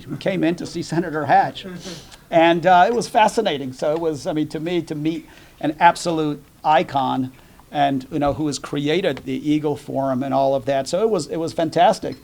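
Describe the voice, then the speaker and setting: A man's voice: fairly high pitch, creaky, a little mellow. A middle-aged man from the United States giving a policy talk at a dinner, telling jokes and stories in a conversational way. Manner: conversational, jokey storytelling with fillers. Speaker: dinner program speaker.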